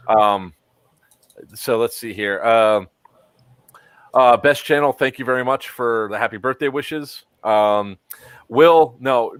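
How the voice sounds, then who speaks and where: Low, rambling man hosting a stream. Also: fairly bright tone, dry recording. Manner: rambling, with frequent ums. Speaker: stream host. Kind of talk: casual chat.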